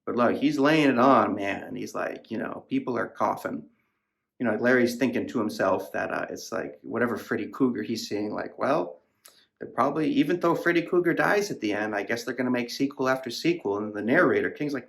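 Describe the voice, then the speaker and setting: A man's voice: mid-range voice, brisk, creaky, fairly bright tone. A man hosting a podcast, rambling casually about a novel in a profane, filler-heavy way. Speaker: podcast host reviewing a novel. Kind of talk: casual book discussion.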